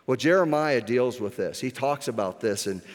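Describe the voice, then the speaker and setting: A man preaching a sermon as pastor, earnest, slowing down on key points, with occasional restarts. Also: mid-range voice, lively intonation. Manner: earnest, with restarts and slowed emphasis. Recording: echoey hall with long reverb.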